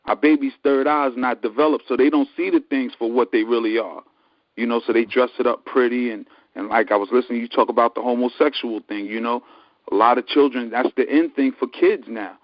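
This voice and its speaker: A man's voice: medium pitch, steady tone, a little fast, no room sound. A man calling in to a radio show who speaks earnestly and repeats himself. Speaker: caller. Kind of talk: call-in radio talk. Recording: dry lo-fi radio sound.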